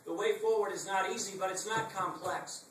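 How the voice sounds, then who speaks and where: A man's voice: high voice, steady tone, moderate pace, fairly bright tone, far from the mic, slight background noise. Emphatic man giving a stump speech. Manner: emphatic, rhetorical repetition, wry asides. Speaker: political speaker. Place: packed meeting room. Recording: echoey room, recorded from afar.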